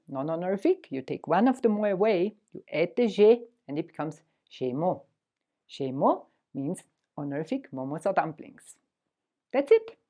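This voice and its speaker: A woman teaching a language lesson in a gentle, patient, encouraging way. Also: lowish voice.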